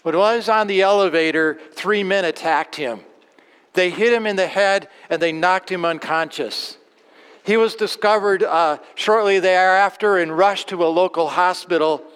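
A male pastor preaching a sermon in a church, earnest, repeating words and slowing on key phrases. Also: high voice, fairly bright tone, smooth. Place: church sanctuary. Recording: long church reverb.

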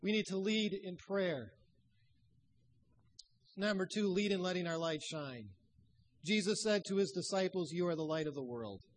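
A man preaching a sermon, telling stories and dropping his voice low and soft for emphasis. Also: normal speed, long pauses, rough recording. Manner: storytelling preacher who drops to hushed tones.

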